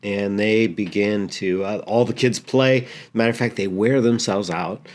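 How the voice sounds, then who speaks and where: A man, a pastor, telling a story in a sermon, halting and repeating words earnestly. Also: fairly low pitch.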